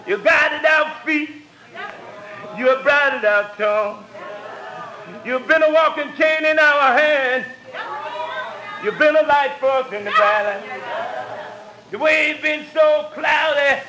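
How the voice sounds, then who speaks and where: High-voiced preacher. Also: male voice, slow, long pauses. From Mississippi. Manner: rhythmic repetitive preaching that swells into shouts. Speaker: pastor. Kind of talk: sermon prayer. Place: church with congregation. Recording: roomy church with crowd noise.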